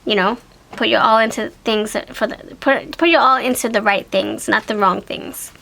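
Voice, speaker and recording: A woman with a slightly high voice, talking her viewers through a tarot card reading. She is chatty and animated, breaks in with exclamations and corrects herself as she goes. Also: normal speed, vocal fry, slight background noise, low-quality recording. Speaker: tarot reader.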